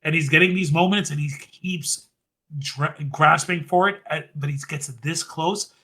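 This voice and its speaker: Wrestling gets a speedy, energetic rundown from a male host on a casual podcast, his tone bright and a touch high.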